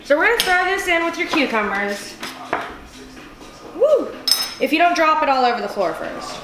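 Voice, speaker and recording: A tipsy woman hosts a casual cooking vlog, rambling and swearing freely as she chops. Her high voice is very animated and fast, with background noise. The room is echoey, and music plays behind her.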